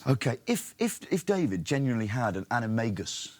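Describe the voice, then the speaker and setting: A man's voice: medium pitch, brisk, slight background noise. A man interviewing film actors in a playful, joking junket style. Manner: jokey, with animated put-on exclamations.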